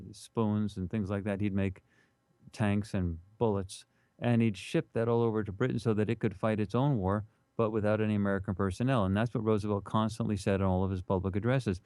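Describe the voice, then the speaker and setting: Low, dark-voiced man telling history. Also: clean tone, no echo. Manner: animated, acts out quoted historical figures in raised voices. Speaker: interview guest. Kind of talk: casual explanatory storytelling.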